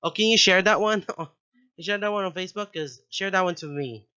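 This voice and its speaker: Brief: young adult man, slightly higher voice, casual host, giggly, goes off on tangents, corrects himself. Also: a little fast, bright, forceful tone, smooth. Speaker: channel host. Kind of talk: casual rambling commentary.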